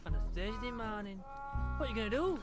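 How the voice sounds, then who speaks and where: An actor playing a nosy, gossiping villager in a cartoon game, with quick and lively exclamations. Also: mid-range voice, close to an everyday voice. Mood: gossipy. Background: loud game music.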